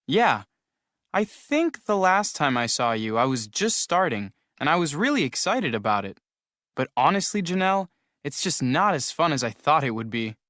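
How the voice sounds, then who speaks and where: A weary young game tester, complaining, animated pitch; scripted course dialogue. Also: male voice, normal speed, no echo, clean studio sound. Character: young man tired of his game-testing job.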